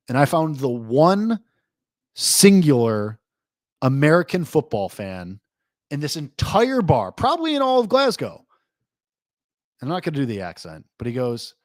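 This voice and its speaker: A man hosting a live sports betting reaction show, talking loosely and rambling, full of "like", with excitable jumps and low asides. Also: no echo. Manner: rambling, loose, heavy use of "like"; excitable swings between lively and low asides. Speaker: host.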